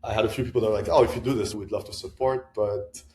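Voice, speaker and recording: Man from Lebanon, guest on a podcast, low pitch, echoey room, reflective, thinks aloud. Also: steady tone, quick pace, warm tone. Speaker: podcast guest, venture investor. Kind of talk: conversational interview answers. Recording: roomy echo.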